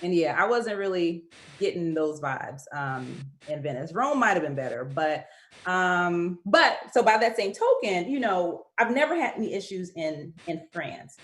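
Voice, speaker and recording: A woman's voice: lowish voice, expressive, measured pace. A young American woman talking as a guest in a casual chat, thoughtful and hesitant, with many fillers. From United States.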